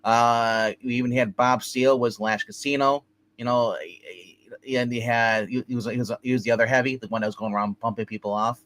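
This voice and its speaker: A man co-hosting a movie review show, talking casually in a rambling, halting way and often restarting his sentences. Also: medium pitch, little pitch movement, a bit bright.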